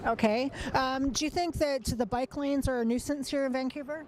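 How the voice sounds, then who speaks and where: A woman's voice: high-pitched, fairly even intonation, normal speed. A woman interviewing passers-by on the street, firing off blunt, provocative questions and laughing often. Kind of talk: street vox-pop interview. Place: outdoors on a city street. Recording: street traffic noise.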